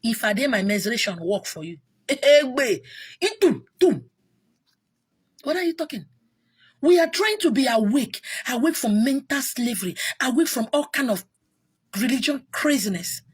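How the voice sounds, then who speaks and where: A Nigerian-accented woman, a spiritual teacher, delivers a casual monologue in a fairly high, breathy voice with lively intonation at a moderate pace. She sounds exasperated and emphatic, repeating herself as her talk keeps circling back.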